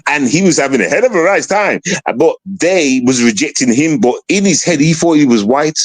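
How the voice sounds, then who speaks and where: A man's voice: on the high side, animated, normal speed, dry recording. A male streamer talking in casual stream chat, taunting and swearing a lot.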